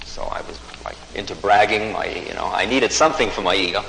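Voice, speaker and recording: Male storyteller, lively and animated, recorded in a reverberant hall with faint background noise. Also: low voice, fairly quick, gravelly, few pauses. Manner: animated storyteller acting out quoted voices. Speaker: spiritual teacher telling a story. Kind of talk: recorded talk, personal storytelling.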